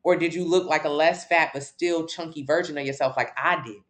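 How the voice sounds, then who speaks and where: A woman's voice: low-pitched, fairly quick. A woman fitness coach answering viewer questions on a casual livestream, blunt and sassy, swearing casually and pushing her voice up for emphasis. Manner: lively, swings in loudness for emphasis.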